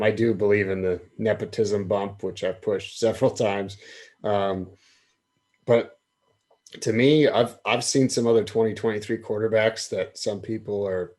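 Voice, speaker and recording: Easygoing male podcast host, lowish voice. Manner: easygoing, steering the talk with questions. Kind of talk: casual podcast chat.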